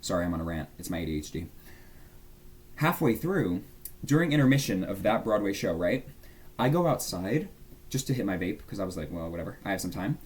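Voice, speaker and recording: A man's voice: deep voice, sing-song, brisk. A young man chatting casually as a YouTuber, gushing and rambling about his favourites. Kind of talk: casual fan tier-list chat.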